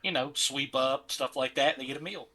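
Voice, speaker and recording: A man's voice: mid-range voice, a little fast, pushed and bright. A man playing a tabletop game, laying out his character's plans in a rambling way with many fillers. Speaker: player.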